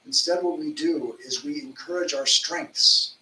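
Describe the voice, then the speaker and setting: Bright-voiced monk in his fifties, preaching. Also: a little high, measured pace. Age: 50s. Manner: storytelling, informal with fillers. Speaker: monk giving a spiritual talk. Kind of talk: conversational sermon. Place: temple lecture hall. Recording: roomy hall, distant mic, faint noise.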